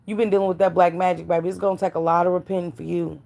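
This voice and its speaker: A woman's voice: fairly low pitch, level tone, rapid-fire, gravelly, warm tone. A woman giving blunt, profane gossip commentary to her live stream chat, preaching and calling out viewers by name.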